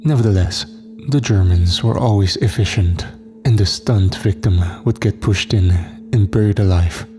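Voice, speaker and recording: A man narrating a scripted horror story in a steady, somber way. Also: on the low side, moderate pace, faint music behind.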